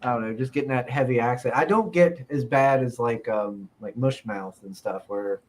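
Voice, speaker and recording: A man's voice: mid-range voice, moderate pace. Rambling Southern man chatting. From American South. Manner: rambling, lots of filler words. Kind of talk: casual chat.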